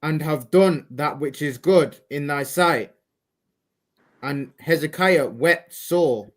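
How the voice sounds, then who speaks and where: A man reads old-style Bible verses aloud with a slow, even delivery. His voice sits a touch high for a man. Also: low-quality recording. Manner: measured, steady reading of old-style verse. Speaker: scripture reader. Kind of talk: reading King James scripture aloud.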